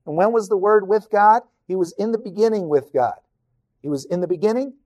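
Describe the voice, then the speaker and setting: A man teaching on a Bible passage in a measured, emphatic way, often repeating phrases for stress. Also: sits high, animated, darkish tone, dry recording, dull audio.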